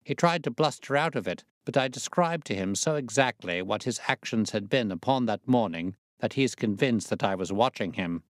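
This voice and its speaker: Confident detective, crisp and faintly amused, low dry voice, read by a man. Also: dry recording, natural voice. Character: sharp, self-assured male detective.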